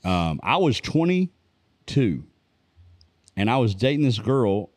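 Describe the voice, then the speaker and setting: A man telling a story in casual conversation, plain-spoken and relaxed. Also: mid-range voice, slow, no room sound. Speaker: co-host.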